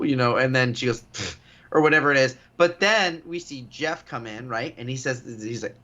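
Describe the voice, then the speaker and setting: A man co-hosting a comedy podcast, talking in casual chat, animated and laughing as he acts out lines from scenes. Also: mid-range voice, normal speed. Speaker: podcast co-host; actor.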